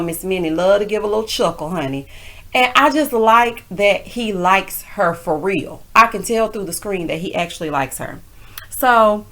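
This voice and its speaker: A woman's voice: mid-range voice, a bit bright. A woman giving a casual, sassy TV recap rant as host of her channel, calling her viewers honey and child. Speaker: TV recap reviewer.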